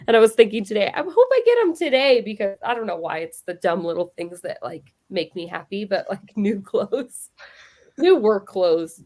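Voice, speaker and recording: A woman's voice: medium pitch, very animated, moderate pace, a little mellow. A young woman, co-hosting a book club and chatting casually, laughing often and quoting herself. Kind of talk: casual chat.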